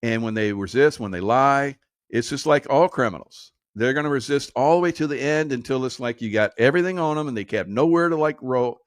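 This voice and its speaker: A man's voice: medium pitch, brisk, no echo, clean studio sound. A man hosting solo political commentary, sarcastic and mocking, often laughing at his own jokes.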